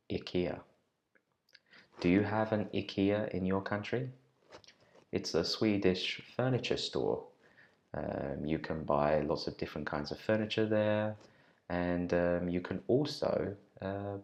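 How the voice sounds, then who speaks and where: Deep-voiced male English teacher. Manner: slow, careful repeating of words; friendly direct address to viewers. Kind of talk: online pronunciation lesson.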